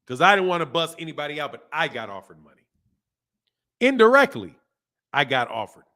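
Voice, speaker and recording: A man hosting a boxing live stream, reading viewer comments and ranting in animated, slangy talk. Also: on the high side, a little fast. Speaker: boxing channel host.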